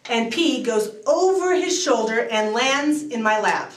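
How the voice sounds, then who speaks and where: A mother telling a funny family story in a casual, animated way that builds to excited exclamations. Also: fairly high pitch, a little slow. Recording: echoey room, distant mic.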